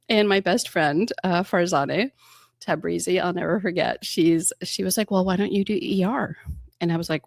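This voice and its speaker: A woman's voice: mid-range voice, normal speed, no room sound, clean studio sound. A woman in her fifties, an emergency room physician and interview guest, telling stories casually and acting out quoted dialogue with frequent laughter. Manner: animated, acts out quoted dialogue, laughs often.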